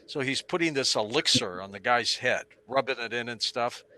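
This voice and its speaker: Bright-voiced older man telling lively stories. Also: medium pitch, normal speed. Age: 70s. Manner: animated anecdotal storyteller who acts out quotes. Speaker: radio talk show host, interview guest. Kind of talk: storytelling interview on stage.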